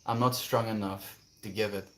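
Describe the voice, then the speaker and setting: A man's voice: lowish voice, fairly even intonation, moderate pace, very noisy. A man on a casual livestream outdoors, reading viewer messages aloud and musing on them in a reflective way. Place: outdoors, quiet spot.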